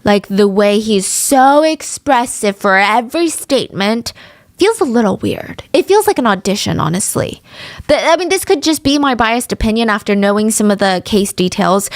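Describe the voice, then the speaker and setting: A woman's voice: medium pitch, no echo. A woman hosting a true-crime podcast, chatty and opinionated, who sometimes drops her voice to a whisper. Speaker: podcast host.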